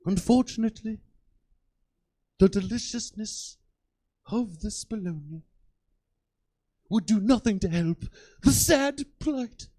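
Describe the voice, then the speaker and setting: A man doing an impression of an elderly British nature documentary narrator, with slow, solemn narration in a small comedy theater. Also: high voice, mellow. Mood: mock-grave. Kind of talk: stand-up impression.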